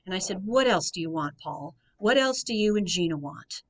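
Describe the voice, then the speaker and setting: Woman, lower pitch, measured radio storytelling, repeats key phrases for emphasis. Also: lively intonation. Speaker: financial coach.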